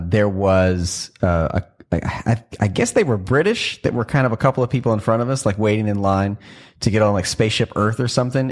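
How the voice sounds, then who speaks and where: A man co-hosting a casual podcast chat, telling rambling stories and teasing the others. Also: lowish voice. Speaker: podcast co-host.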